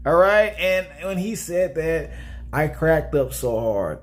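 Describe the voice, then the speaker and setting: A man's voice: a little high, sing-song, measured pace. A man casually talking through a movie review in a chatty way, often checking in with "all right?".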